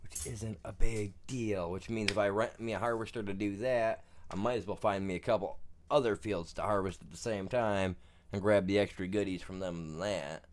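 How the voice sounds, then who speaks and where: Male streamer with a lowish voice, loose and joking, talking to viewers through gameplay. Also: steady tone, normal speed. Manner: rambling and jokey, says "man" constantly. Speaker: game streamer. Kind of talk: casual gameplay commentary.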